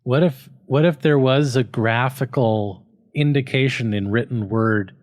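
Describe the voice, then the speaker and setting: Slow, dry-humored male co-host. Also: medium pitch, no room sound. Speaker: podcast co-host. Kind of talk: comedy podcast chat.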